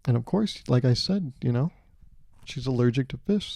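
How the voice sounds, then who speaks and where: Gravelly man telling a comic story. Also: medium pitch, expressive, a little slow, long pauses, dark tone, no echo. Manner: jokey, building a long setup to a pun. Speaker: podcast host. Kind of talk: comedic storytelling monologue. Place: California.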